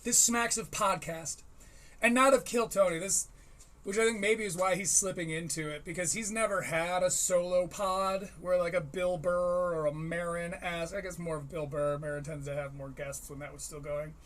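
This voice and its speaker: A man's voice: high-pitched, fairly even intonation, normal speed, fairly bright tone. A young man hosting a solo podcast, riffing wryly on comedy and reading aloud. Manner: rambling, riffing and wry. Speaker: podcast host. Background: faint harp music.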